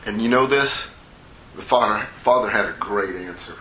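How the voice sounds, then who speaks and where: A man's voice: on the low side, moderate pace, pushed and bright, a little hiss or hum. A middle-aged man preaching a sermon in a folksy, conversational way, acting out the characters of a parable. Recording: echoey room with faint ambience.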